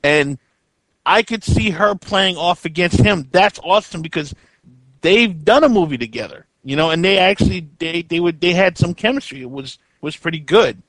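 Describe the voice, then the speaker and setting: A man's voice: on the high side, animated, normal speed, a bit bright, no echo, poor audio. A man co-hosting a podcast in casual chat, rambling, swearing casually and laughing often. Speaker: podcast co-host. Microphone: podcast mic.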